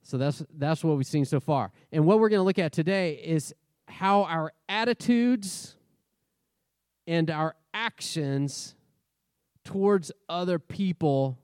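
A pastor preaching a sermon in a conversational way, leading a prayer and often checking in with the congregation. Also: male voice, a little high, a little mellow, no room sound, studio quality. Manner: conversational, asks the congregation questions.

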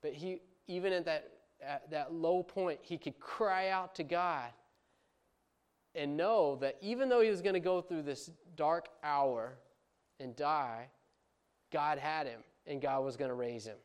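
A man's voice: a little high, measured pace, clear, resonant tone. A man in his thirties preaching a sermon as a pastor, in a conversational way full of asides. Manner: conversational, many asides and fillers.

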